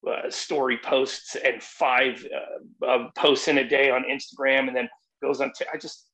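A man's voice: medium pitch, level tone, moderate pace, fairly bright tone, rough recording. A man from New Jersey, a musician guest on a podcast, talking casually and rambling, often repeating himself. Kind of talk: casual conversation.

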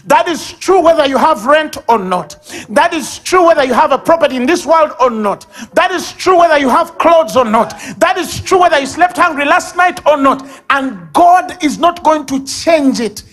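At a church service, a man with a Ugandan English accent preaches a sermon in a very high voice at a moderate pace. He is animated, acting out sobs and baby babble and shouting the key lines.

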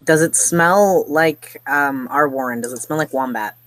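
A woman's voice: low voice, measured pace, a bit bright, no room sound. A woman player in a tabletop role-playing game who asks eager, curious questions.

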